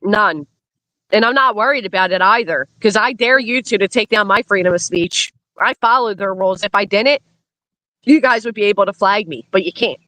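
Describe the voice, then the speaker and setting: A woman's voice: mid-range voice, normal speed, sharp tone, no echo, rough recording. A woman from Pennsylvania giving blunt, emphatic commentary on a casual live stream. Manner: blunt, emphatic, repeats warnings.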